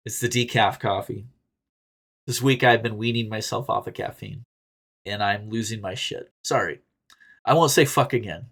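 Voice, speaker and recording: A man's voice: lowish voice, normal speed, vocal fry, husky. A man hosting a casual podcast, reading listener posts and giving candid, rambling advice with plenty of swearing and laughter. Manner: animated, jumps between loud bursts and quiet asides. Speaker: podcast host reading and answering reader stories.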